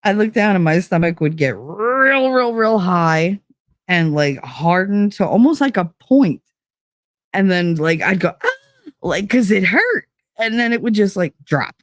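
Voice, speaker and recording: Animated woman telling stories, dry mic. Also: unhurried, dry recording. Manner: animated, acts out quotes with big pitch jumps. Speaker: podcast host. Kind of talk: casual storytelling monologue.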